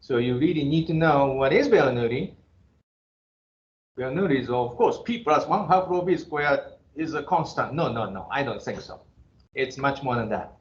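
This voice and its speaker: A man's voice: mid-range voice, normal speed, a little hiss or hum. A Japanese-accented man in his fifties lectures to a class, blunt and joking, with chuckles between his remarks. His voice carries through a reverberant room. The recording sounds somewhat dull and muffled. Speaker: engineering professor.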